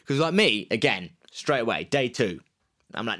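A man, casually telling a true-crime story on a podcast, animated and jokey, slipping into quick put-on voices. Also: medium pitch. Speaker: podcast co-host.

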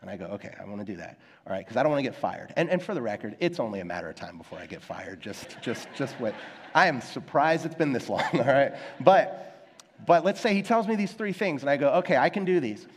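A man's voice: mid-range voice, big pitch swings, brisk, a little hiss or hum. A young adult male pastor preaching a conversational, self-deprecating sermon, acting out quoted voices in his stories. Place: church sanctuary. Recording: long hall reverb.

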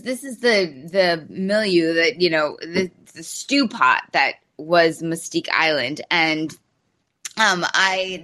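A woman author chats as a guest on a podcast interview, with a voice that sits on the lower side. She tells her story with animation and open amusement, in a relaxed conversational way. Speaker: novelist guest. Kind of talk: casual podcast interview chat.

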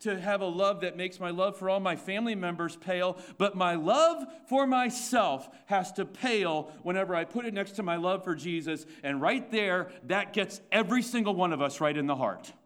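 A man preaching a Sunday sermon with a notably high voice. He asks his congregation rhetorical questions, hammers home his points by repeating them, and trips over restarts as he works out each thought. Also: normal speed, hardly any pauses, fairly bright tone. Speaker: pastor.

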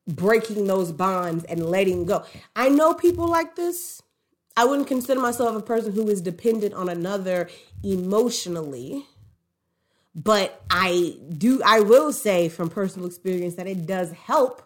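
A woman with a fairly high voice gives casual, unscripted commentary on a song she loves. She is blunt and profane, leaning hard on her points. She often circles back with restarts and self-questioning. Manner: candid, profane and emphatic. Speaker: host analyzing a song.

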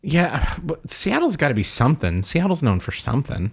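A man's voice: a little high, very animated, moderate pace, vocal fry, breathy edge. A man co-hosting a podcast in casual chat, playful and joking, often laughing. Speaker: podcast co-host.

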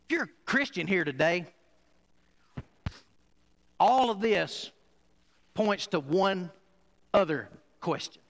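A man preaching a sermon to a church, emphatic, swinging between loud and quiet passages. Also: high voice, lively intonation, takes it slowly, long pauses, poor audio. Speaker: pastor.

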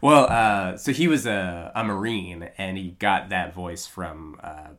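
Low-voiced laid-back podcast man. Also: measured pace, a bit bright. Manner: laid-back, lots of "yeah" and "uh" fillers. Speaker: podcast co-host. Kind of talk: casual movie podcast chat.

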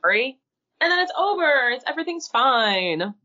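A woman's voice: high voice, sing-song, normal speed, bright, forceful tone, lo-fi sound. A woman who teaches preschool, chatting casually as a podcast guest and acting out talks with children.

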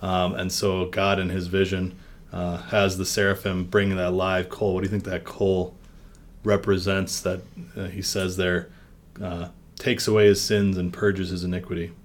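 Deep-voiced man leading a Bible devotion. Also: little pitch movement, normal speed. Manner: reads scripture with rising emphasis, then talks plainly with fillers. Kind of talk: Bible reading and devotional discussion.

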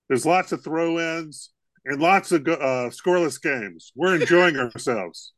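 A man's voice: a little high, unhurried, a bit bright, dry recording. A man co-hosting a podcast in casual comedic chat, rambling and laughing often. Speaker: podcast co-host.

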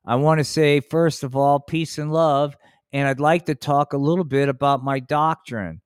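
A man voicing a preachy stoner messiah in a comedic puppet show, loud and sermonizing with a drawn-out drawl. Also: fairly high pitch, fairly even intonation, clean tone, no room sound, studio quality, natural voice. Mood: mellow preachy.

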